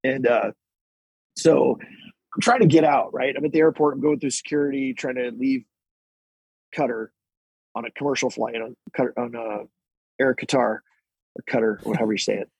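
Husky-voiced man telling a rambling story. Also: medium pitch, fairly even intonation, moderate pace, pauses often, no room sound, low-quality recording. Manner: rambling, many restarts and asides, laughing at his own story. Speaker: podcast guest, military service member. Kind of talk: casual anecdotal storytelling. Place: podcast recording.

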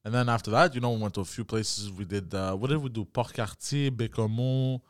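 A man's voice: lowish voice, fairly quick, no room sound. Laid-back swearing man, dry close sound. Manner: laid-back, heavy swearing, repeats "yeah". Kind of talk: casual chat.

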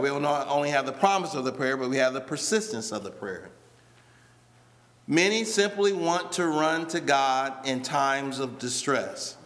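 A man preaching a sermon as pastor, drawing words out slowly for emphasis and speaking to a congregation that answers back. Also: on the high side, fairly bright tone, in a large hall. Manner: preaching with slow drawn-out emphasis; addresses a responding congregation. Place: church.

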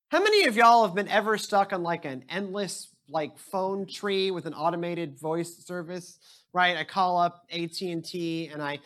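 Bright-voiced young preacher. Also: mid-range voice. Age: young adult. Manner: conversational, storytelling preaching with asides; measured, solemn reading. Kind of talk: scripture reading then sermon.

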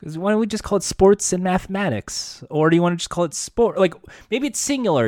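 A man co-hosting a casual talk show, chatty and animated, explaining things and slipping into voices. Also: sits high, brisk, few pauses, dry recording, studio quality. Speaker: podcast co-host. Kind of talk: casual chat.

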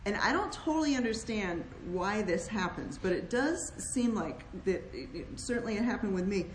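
A woman co-hosting a Christian talk on marriage, affirming and halting, with many restarts. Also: mid-range voice, animated, roomy sound, slight background noise, low-quality recording. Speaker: co-host, wife of the other host.

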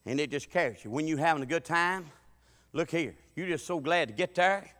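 Folksy preacher, bright hollering voice. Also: male voice, fairly quick. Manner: folksy storytelling preacher, swings from hollering to low quiet asides. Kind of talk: sermon.

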